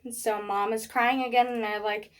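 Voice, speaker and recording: A woman telling a personal story in a vlog, animated, acting out what people said. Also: fairly high pitch, normal speed, a little hiss or hum. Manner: animated storytelling with acted quotes. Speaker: vlogger.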